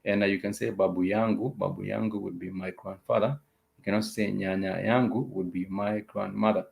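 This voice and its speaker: A man teaching a casual spoken language lesson, repeating each word and phrase several times with frequent pauses. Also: lowish voice, steady tone, vocal fry, a little mellow. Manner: repeats words and phrases slowly, many "uh" pauses.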